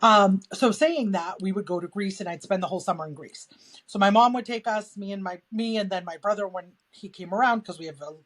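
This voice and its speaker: An American woman chats on a podcast in a mid-range voice. She talks in quick asides and restarts herself often. Her tone stays casual and conversational. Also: medium pitch. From United States. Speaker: podcast co-host. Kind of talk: casual chat.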